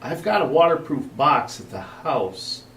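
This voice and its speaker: A man's voice: mid-range voice, very animated, measured pace, a bit bright, a little hiss or hum. A man co-hosting a casual livestream, reading viewer comments with laid-back joking asides. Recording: roomy sound from a distant mic.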